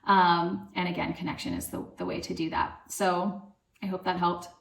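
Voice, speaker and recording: A woman in her thirties hosting a parenting channel, answering viewer questions in a gentle, conversational way with soft laughs and fillers. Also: on the low side, very animated, moderate pace, creaky, roomy sound, slight background noise.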